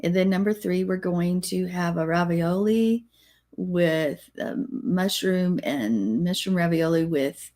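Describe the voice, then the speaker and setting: A woman co-hosting a faith-based talk show, chatting in a relaxed, teasing way. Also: lowish voice, slow. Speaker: guest co-host. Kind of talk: casual chat.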